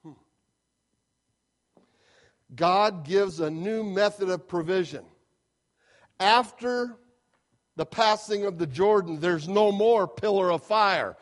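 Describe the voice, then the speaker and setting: A man's voice: high-pitched, slow, long pauses. A middle-aged man preaching a sermon as a pastor, stressing points with emphatic repetition.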